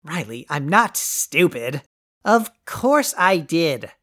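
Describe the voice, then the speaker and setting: A woman's voice: low-pitched, big pitch swings, slow pace, a bit bright, exaggerated voice. A woman playing a pompous, greedy, deposed male overlord in a comedy audio play, with a grandiose, haughty delivery. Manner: grandiose, haughty and theatrically dry.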